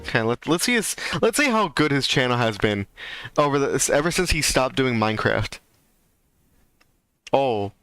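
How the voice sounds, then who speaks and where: A man's voice: mid-range voice, big pitch swings, moderate pace, pauses often, fairly bright tone, clear, resonant tone, no room sound. A man chatting casually on a livestream, rambling and ranting with lots of fillers. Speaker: streamer.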